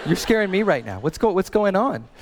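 A man in his thirties preaching a sermon as a pastor, telling a family story in a lively way and often repeating and restarting words. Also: high voice, a little fast, long reverb tail, a little hiss or hum.

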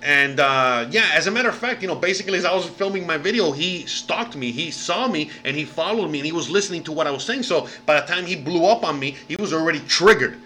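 A man's voice: a little high, animated, fast, few pauses, sharp tone, a little hiss or hum. An American man vlogging to camera in a casual rant, profane and rambling, with lots of "you know what I mean". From United States. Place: living abroad in Mexico.

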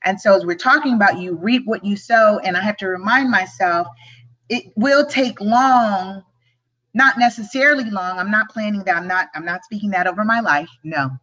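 A woman with a medium-pitched, sharp-toned voice talks a little fast, with hardly any pauses, over poor audio. Hosting a motivational live stream, this Philadelphia real estate agent and show host speaks sincerely and repeats words when she's moved.

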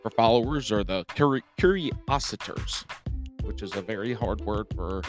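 A man's voice: lowish voice, a little fast, music in the background. A man with a Southern US drawl hosting a podcast in casual chat, folksy and self-deprecating with easy jokes. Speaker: podcast host.

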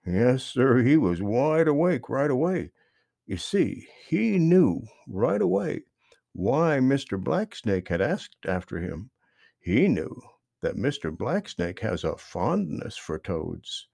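A man narrating a children's book aloud, with expressive storytelling and lively emphasis. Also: mid-range voice, takes it slowly, creaky, no echo.

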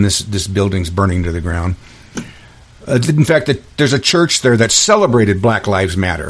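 A man hosting a solo podcast, delivering an angry ranting monologue full of restarts and repeated words. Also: on the low side. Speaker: podcast host.

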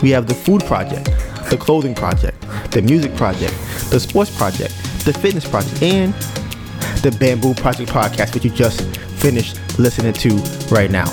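A man's voice: mid-range voice, sing-song, normal speed, music in the background. A man hosting a podcast in casual chat, ranting and sarcastic, often repeating himself. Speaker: podcast host.

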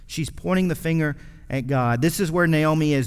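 Male pastor, high voice, impassioned sermon delivery, long sanctuary reverb. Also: normal speed, clear, resonant tone. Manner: impassioned preaching, swings from loud to quiet.

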